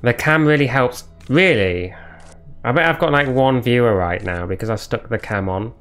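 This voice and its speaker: A man livestreams a video game, commentating and trading sarcastic jokes with his chat. His medium-pitched voice is animated and fairly bright at normal speed, with soft music in the background.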